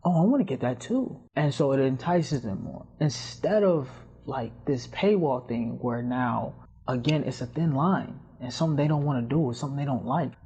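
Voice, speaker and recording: A man's voice: mid-range voice, moderate pace, a little mellow, husky. A man talking casually on a podcast, rambling and telling stories with plenty of fillers. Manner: rambling, storytelling with lots of fillers. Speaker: podcast guest or host. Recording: dull lo-fi audio.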